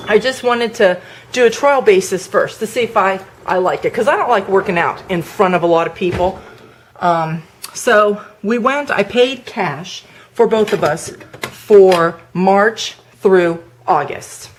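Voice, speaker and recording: A woman's voice: mid-range voice, unhurried, a little hiss or hum. A woman venting to camera in a casual vlog from a parked car, retelling conversations in an indignant way. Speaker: vlogger.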